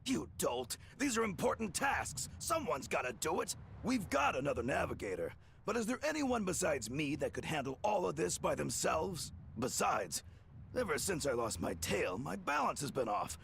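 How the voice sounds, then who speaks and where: An actor playing a gruff, boastful male lizard-man navigator in a game, with a gravelly, blustering voice. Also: a little high, sing-song, normal speed, a bit bright, a little hiss or hum, full character voice. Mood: indignant. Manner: defensive and blustering. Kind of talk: game voice acting.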